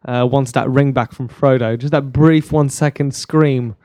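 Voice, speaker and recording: A man's voice: medium pitch, steady tone, normal speed, a little mellow. A man from London with a London accent, joking around in casual chat. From London, England. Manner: jokey, playful, drops put-on phrases.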